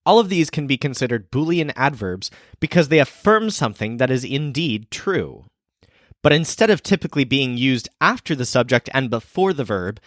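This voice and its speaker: A man teaching as the host of a language lesson video. He explains clearly and slows down for his example sentences. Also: medium pitch, fairly bright tone, dry recording, clean studio sound. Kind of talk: scripted teaching narration.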